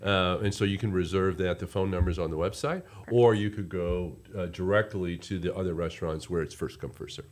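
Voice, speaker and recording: A man's voice: sits low, brisk, few pauses. A man, a resort representative chatting casually in an interview, rambling with many restarts.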